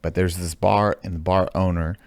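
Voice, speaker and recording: Deep gravelly podcast host, cursing freely. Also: male voice, moderate pace, no room sound, clean studio sound. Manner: swears freely, rambling animated storytelling. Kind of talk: casual podcast chat.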